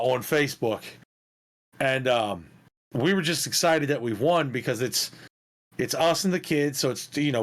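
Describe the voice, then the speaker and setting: A man co-hosting a podcast who tells stories in a casual, animated way, swearing and laughing as he goes. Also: mid-range voice. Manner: animated, profane, laughs through his stories. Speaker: podcast co-host. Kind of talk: casual storytelling chat.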